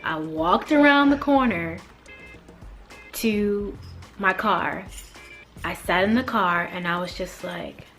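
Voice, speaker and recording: A young woman from the Mid-US telling a casual storytime vlog, animated and acting out quoted lines with big jumps in her voice. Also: medium pitch, takes it slowly, vocal fry, long pauses, soft background music. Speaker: vlogger.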